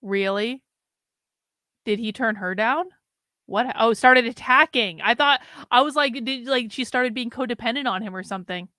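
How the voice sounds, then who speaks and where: A woman hosting a casual reaction show, chatting in quick, gossipy asides. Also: fairly high pitch, sharp tone, no room sound, clean studio sound. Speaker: host reacting to clips.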